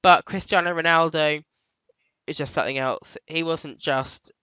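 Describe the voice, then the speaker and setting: A man co-hosting a casual football chat, giving opinionated, animated picks. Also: fairly high pitch, normal speed, smooth, dry recording, low-quality recording. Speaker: podcast co-host.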